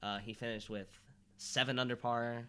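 Bright-voiced young man rambling about sports. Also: medium pitch, flat delivery, moderate pace, clear, resonant tone. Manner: rambling, filler-heavy, restarts. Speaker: podcast co-host. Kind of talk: casual sports chat.

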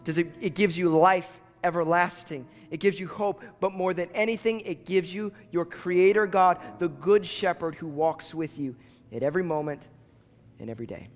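Man, pastor, earnest sermon, high voice, reverberant church hall, faint music underneath. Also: moderate pace. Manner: earnest, builds to fervent appeals. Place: church auditorium.

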